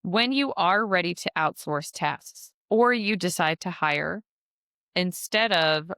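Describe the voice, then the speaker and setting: Chatty woman mentor hosting a podcast; low pitch, clear and smooth tone. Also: unhurried, pushed and bright, no room sound, studio quality. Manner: chatty, frequent "like" fillers, laughs at herself. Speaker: podcast host and business mentor. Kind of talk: casual instructional podcast.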